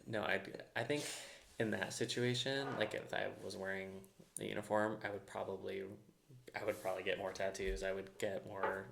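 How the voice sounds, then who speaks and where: A man's voice: deep voice, little pitch movement, moderate pace, creaky, a bit bright, a little hiss or hum. A man co-hosting a podcast in loose, rambling casual chat, swearing and restarting sentences. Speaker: podcast co-host. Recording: echoey room.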